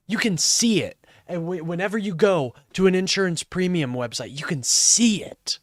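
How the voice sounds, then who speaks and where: A man's voice: sits high, expressive, normal speed, few pauses, fairly bright tone, no echo, studio quality. A man live streaming commentary, ranting and swearing in exasperation.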